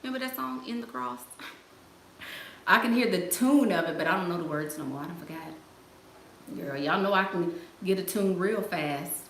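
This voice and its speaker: With a lowish, slightly bright voice, a woman chats casually with her livestream viewers at a moderate pace broken by long pauses. She's sassy, laughs, and uses playful slang while answering live chat in an echoey room with faint background noise.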